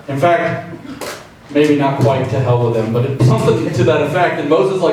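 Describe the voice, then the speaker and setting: A man speaks to a meeting crowd in a loose, joking way, slipping in quick acted-out voices. His voice sits a bit high for a man. It comes from well back from the mic, in a room with very heavy echo and a faint hiss. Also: a little mellow. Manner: joking and conversational, acting out quoted voices. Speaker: invited speaker. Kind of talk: public speech to a meeting. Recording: very echoey room, distant mic, faint noise.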